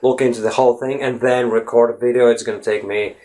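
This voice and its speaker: A man's voice: mid-range voice, steady tone, quick pace, mellow. Chatty man teaching pronunciation. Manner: talkative, often tags sentences with "right?". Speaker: English fluency teacher. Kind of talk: casual video lesson to camera.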